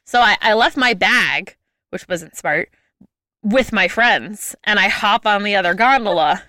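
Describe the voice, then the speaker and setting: Bright, chatty young woman storyteller. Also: medium pitch, a little slow, dry recording, clean studio sound. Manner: lively, chatty, frequent "like" fillers. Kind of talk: casual chat, telling a travel story.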